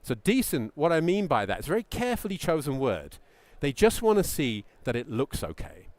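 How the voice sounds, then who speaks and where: A middle-aged man giving a presentation to founders as a pitch coach, emphatic and lively, sometimes acting out what a founder might say. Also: brisk, no room sound. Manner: animated, emphatic, acts out mock founder quotes.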